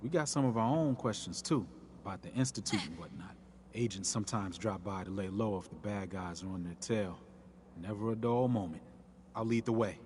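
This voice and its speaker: A man's voice: lowish voice, fairly quick, a little mellow, a little hiss or hum, close to an everyday voice. An actor playing an easygoing, friendly male resistance agent in a video game, talking in a chatty, reassuring way.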